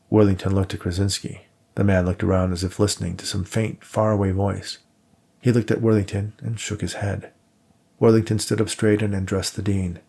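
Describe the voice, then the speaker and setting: Male audiobook narrator, husky and gravelly, measured reading. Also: fairly low pitch, little pitch movement, mellow. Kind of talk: scripted narration.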